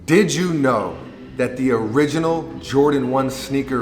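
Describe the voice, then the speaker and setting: A man's voice: medium pitch, measured pace, over music. A man chatting casually as a sneaker vlog host, joking and restarting his sentences. His voice sits mid-range and rings with long reverb in a roomy space. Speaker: sneaker vlogger. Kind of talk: casual chat.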